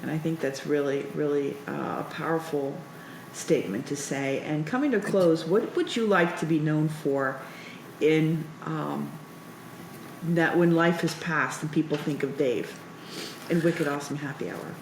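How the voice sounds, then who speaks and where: Low-voiced woman hosting a podcast. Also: a little slow, roomy sound, slight background noise. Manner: hesitant, with frequent filler words. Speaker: podcast host. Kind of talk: casual interview talk.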